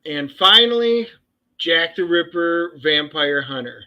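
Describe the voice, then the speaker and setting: Excitable high-voiced man on a dull mic. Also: slow pace. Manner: excitable, rambling, sarcastic banter. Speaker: co-host and writer. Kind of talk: casual livestream chat. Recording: dull lo-fi sound.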